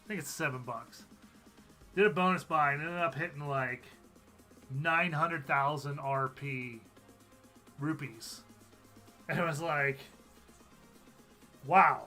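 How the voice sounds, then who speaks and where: Man, live streamer, casual chat, bright tense tone, reads comments aloud, faint background music. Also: on the high side, unhurried, long pauses. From USA. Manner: chatty, reads viewer comments aloud, laughs often.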